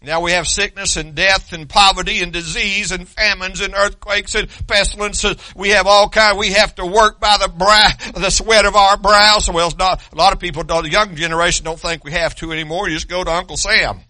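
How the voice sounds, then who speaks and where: A man's voice: high voice, steady tone, fairly quick, few pauses, bright, forceful tone, no echo. An older man preaching a sermon in an emphatic, repetitive way, with many hesitations.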